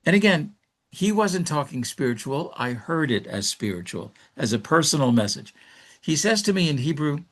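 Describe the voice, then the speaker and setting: A man's voice: a little high, big pitch swings, moderate pace. A man teaching an informal Torah class as a rabbi, telling stories in a conversational way with fillers and reflective rhetorical questions. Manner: conversational storytelling with frequent fillers.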